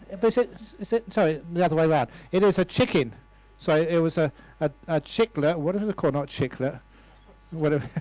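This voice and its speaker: In a lecture room, a monk in his sixties mixes laughs and playful character voices into a funny dharma talk. He speaks briskly in a somewhat high, darkish voice, and the recording is poor.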